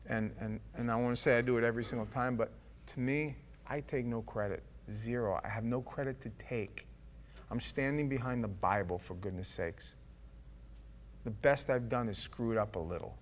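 A man's voice: medium pitch, steady tone, a little fast. A male pastor preaching a conversational, emphatic sermon, often turning directly to his congregation.

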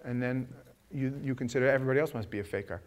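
A middle-aged man preaching a sermon, telling stories with acted-out voices and rising to shouts at the peaks. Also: mid-range voice, rapid-fire. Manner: animated storytelling, acting out voices, shouting at peaks. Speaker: pastor.

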